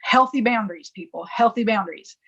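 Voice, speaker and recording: Lively woman, spiritual podcast chat. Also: fairly high pitch, fairly quick, slightly rough. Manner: animated, acts out quoted inner dialogue, laughs often. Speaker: podcast co-host. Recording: dull lo-fi podcast audio.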